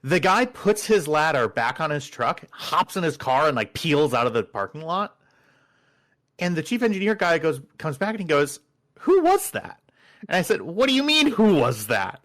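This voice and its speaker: A man tells a story in a lively, animated way, his voice riding up and down as he acts out who said what. He sits a little above the usual male pitch and talks like an eager friend in casual banter. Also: normal speed. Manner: animated storyteller acting out quoted dialogue. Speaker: podcast regular. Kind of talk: casual chat, retelling a work story.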